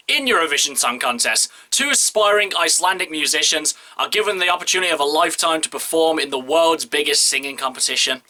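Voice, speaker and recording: A man giving a casual spoken film review to camera, chatty and animated, speeding up and slowing down. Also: a little high.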